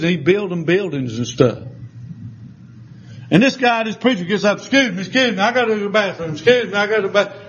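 Man preaching, high voice, folksy storyteller, slightly muffled recording with faint hiss. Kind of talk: sermon with storytelling.

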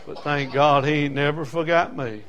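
A man's voice: fairly high pitch, fairly even intonation, moderate pace, fairly bright tone. An older man preaching a sermon, impassioned and folksy, building on rhythmic repetition.

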